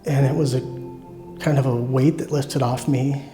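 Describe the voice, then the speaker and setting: A man's voice: medium pitch, fairly even intonation, warm tone. Earnest man giving a testimony over music. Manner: earnest, reflective, halting with restarts. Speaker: church member sharing testimony. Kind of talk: personal testimony.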